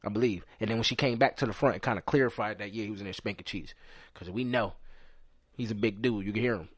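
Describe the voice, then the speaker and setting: A man hosting a podcast, telling a story in a casual, profane, animated way and loudly acting out what people said. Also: lowish voice, fast, no room sound, studio quality. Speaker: podcast host.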